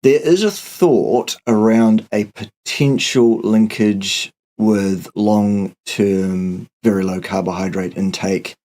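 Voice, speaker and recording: A man hosting a live nutrition Q&A, joking dryly, then answering in a slow, measured way. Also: lowish voice, a little mellow. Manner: dry, joking, measured when explaining. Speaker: host. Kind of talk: live Q&A chat.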